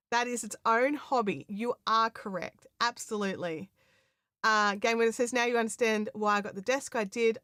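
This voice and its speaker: A woman's voice: a little high, a bit bright, no echo, clean studio sound. An Australian woman hosting a craft livestream, chatting casually and reading out viewer comments, with lots of fillers and laughter. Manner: chatty, rambling, laughs often, many fillers.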